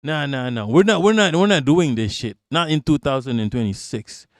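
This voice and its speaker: A man's voice: medium pitch, moderate pace, dry recording, clean studio sound. A man from Southeast Asia giving a heated, profane, mocking political rant on a live stream. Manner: profane, mocking, animated ranting with laughs.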